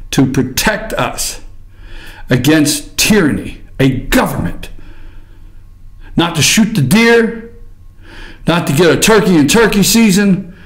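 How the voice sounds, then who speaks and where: A man hosting a show, delivering a combative political commentary monologue that swings between shouting and muttering. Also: high voice. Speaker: host.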